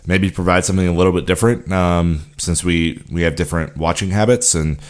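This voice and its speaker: A man's voice: low-pitched, steady tone, fairly quick. A man co-hosting a football podcast in easygoing, chatty conversation, often saying "you know". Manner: laid-back, chatty, uses "you know" a lot. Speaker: podcast co-host. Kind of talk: casual podcast chat.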